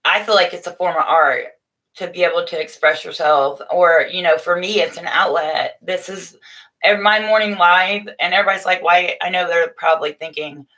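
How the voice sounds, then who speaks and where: A middle-aged woman hosting a casual morning livestream, chatting warmly and motherly with viewers from a room at home, with frequent restarts. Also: on the low side, fairly even intonation, moderate pace. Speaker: livestream host. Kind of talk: casual live chat to viewers.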